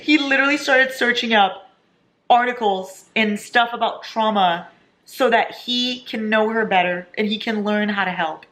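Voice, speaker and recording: A young woman in her twenties, gushing and excitable as she chats casually about books in a reading vlog. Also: on the high side, moderate pace. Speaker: book vlogger. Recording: echoey room with faint noise.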